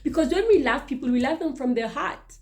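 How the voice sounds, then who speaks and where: A woman's voice: high-pitched, animated, brisk, darkish tone. A woman in her mid-thirties hosting a casual advice monologue, earnest and emphatic, often repeating her words. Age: 30s. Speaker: show host.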